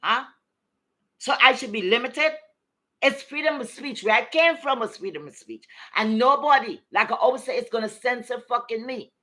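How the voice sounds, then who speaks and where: A woman's voice: a little high, expressive, normal speed, sharp tone. A middle-aged woman with a Caribbean accent, delivering a heated, profane, confrontational monologue. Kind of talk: ranting monologue.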